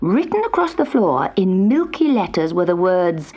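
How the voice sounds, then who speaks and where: A woman narrating a children's storybook tape in a gentle, expressive way. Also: fairly low pitch, moderate pace.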